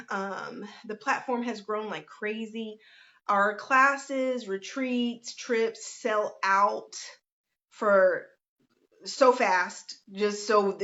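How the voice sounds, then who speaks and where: A woman's voice: fairly high pitch, a bit bright. A middle-aged woman, hosting a casual livestream and greeting viewers by name in a down-to-earth way. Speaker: host, life coach. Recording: lo-fi livestream audio.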